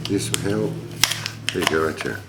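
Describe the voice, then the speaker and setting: Brief: low-pitched man, playful pet vlogger, echoey room with noise behind. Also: lively intonation, normal speed, gravelly, loud music behind the voice. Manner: coaxing, playful, talks to his pet monkey. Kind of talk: casual pet vlog chat.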